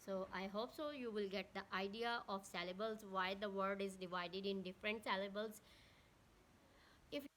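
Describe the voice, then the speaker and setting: A woman's voice: medium pitch, fairly even intonation, normal speed, a bit bright, slight background noise. A woman teaching an online English lesson, patiently explaining step by step and spelling words out letter by letter.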